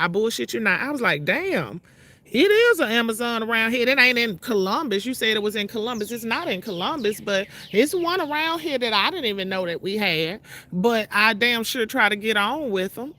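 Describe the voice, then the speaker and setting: A woman from Mississippi calls someone out to her viewers in a brash, profane, confrontational rant. Her voice sits a little high and comes across bright and forceful. She is talking outdoors. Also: lively intonation, a little fast. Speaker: vlogger. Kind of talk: ranting call-out vlog to viewers. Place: outdoors outside her trailer.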